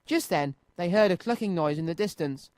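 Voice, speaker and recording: A man presenting a children's radio show, reading a storybook aloud in a lively, clear way from a studio. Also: sits high, fairly quick, no echo.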